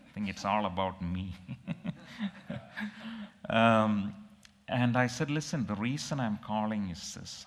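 Middle-aged male preacher, slow and low, reflective and emotional, in a reverberant hall. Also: fairly bright tone. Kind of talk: sermon with personal story.

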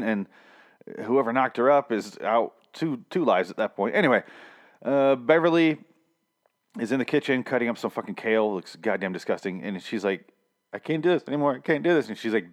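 A man casually recapping a TV episode, rambling and swearing freely as he acts out the characters' lines. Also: medium pitch. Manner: profane, rambling, quick to act out characters' lines.

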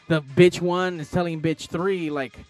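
Male podcast host, a bit high-pitched, rambling crude storyteller, faint music underneath. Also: steady tone, unhurried. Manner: rambling storyteller, heavy swearing. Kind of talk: crude casual chat.

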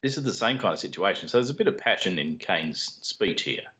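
Deep-voiced man explaining scripture. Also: big pitch swings, fairly bright tone. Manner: measured, explanatory, dry humor. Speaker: podcast co-host explaining scripture. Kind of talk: teaching Bible study podcast. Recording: dull lo-fi sound.

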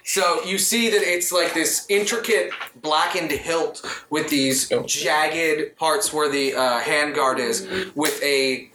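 A man's voice: a little high, slow, hardly any pauses, bright, forceful tone, a little hiss or hum. Man narrating a tabletop game. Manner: loose, filler-heavy narration. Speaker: dungeon master. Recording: roomy room with violin music behind.

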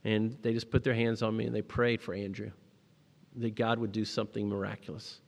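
Middle-aged guy preaching, storytelling, goes loud then soft, echo of a big hall. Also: on the low side, flat delivery, brisk, vocal fry. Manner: storytelling, rising to emphatic peaks and dropping to quiet moments. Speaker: pastor. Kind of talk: sermon.

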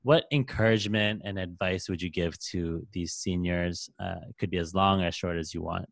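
Deep-voiced man hosting a podcast. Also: fairly even intonation, normal speed, gravelly, no room sound. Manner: reflective, encouraging. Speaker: podcast host, high school teacher. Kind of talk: casual interview.

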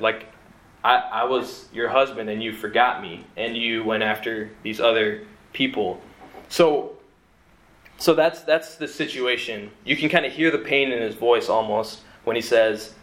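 A man's voice: medium pitch, unhurried, a bit bright. A young man in his twenties, a seminary student, gives a conversational talk to a group, reading scripture aloud and often restarting his sentences with "like.". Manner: conversational, frequent "like" and repeated restarts. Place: room with a group of listeners. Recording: roomy echo.

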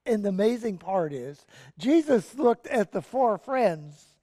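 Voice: mid-range voice, very animated, a little slow, dark tone, long reverb tail. A pastor giving a sermon and telling a story with animation and casual asides. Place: church sanctuary.

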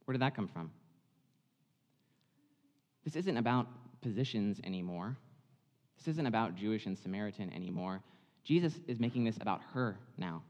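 Conversational preacher in a reverberant hall. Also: male voice, lowish voice, moderate pace, pauses often. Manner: animated, chatty, dramatizing the story. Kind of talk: sermon, conversational Bible storytelling.

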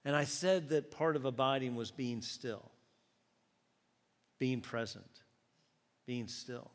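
A man's voice: mid-range voice, takes it slowly, in a large hall. An older man preaching a sermon as pastor, telling a story and acting out the dialogue with self-deprecating humor.

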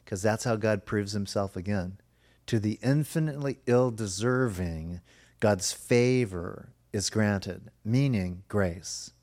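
Delivering a sermon, this man speaks as a pastor in a lowish register, earnest and emphatic, occasionally easing into a soft, drawn-out emphasis.

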